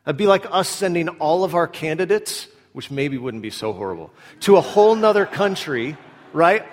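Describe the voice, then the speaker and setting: A man delivers a sermon with a fairly high voice, telling a story in an animated way and dropping his voice to act out the speakers he quotes. His words ring out with the long reverb of a large hall. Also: normal speed. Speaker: pastor.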